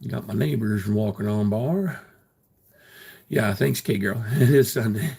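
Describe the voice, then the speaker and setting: Gravelly, husky man streaming live. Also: fairly low pitch, takes it slowly, dark tone. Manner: defensive, blunt, swears freely. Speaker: livestream host. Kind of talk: casual livestream chat reading comments.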